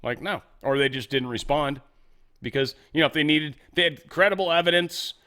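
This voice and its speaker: A man's voice: on the high side, brisk, pushed and bright. A man hosting a casual political commentary show, reading news items and breaking into rambling, sarcastic asides.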